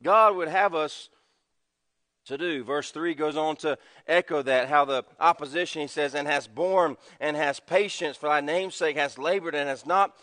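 High-voiced, bright-toned preacher man. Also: moderate pace, few pauses, big-room sound. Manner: dynamic preaching, swinging from loud emphasis to hushed low tones. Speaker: pastor. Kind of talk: sermon. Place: church sanctuary.

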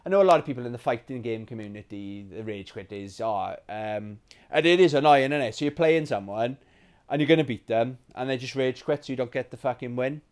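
A man from England hosting a gaming vlog, telling stories in a rambling, animated way and swearing freely. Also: mid-range voice, fairly quick, smooth. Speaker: gaming channel host. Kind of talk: casual storytelling vlog.

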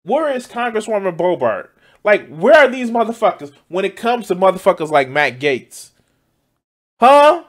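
A man's voice: sits high, very animated, normal speed. A man giving loose, profane reaction commentary as a streamer, often exclaiming and laughing. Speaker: streamer reacting to news clips.

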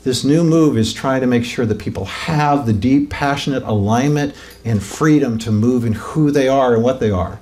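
A man's voice: medium pitch, moderate pace, hardly any pauses, darkish tone. A man preaching an informal teaching sermon, conversational, often rising to emphatic peaks and asking the room questions. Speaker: pastor.

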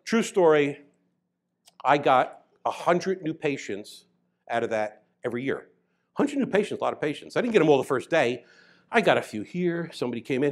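High-voiced New storyteller man. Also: moderate pace. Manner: animated, grows loud and excited as the story builds. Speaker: chiropractor. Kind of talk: storytelling talk.

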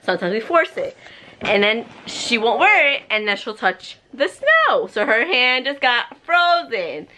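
A woman's voice: on the high side, sing-song, a little slow, pushed and bright. A young mother vlogging casually at home with a handheld camera. She chats, laughs often and slips into Spanish with her child. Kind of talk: casual family vlog. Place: home, indoors.

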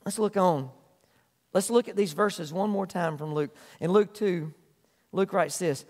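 A man delivers a pastor's sermon in a fairly high voice, earnest and emphatic, leaning on repeated phrases. His words carry a long reverb, as in a church sanctuary. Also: unhurried, a little mellow.

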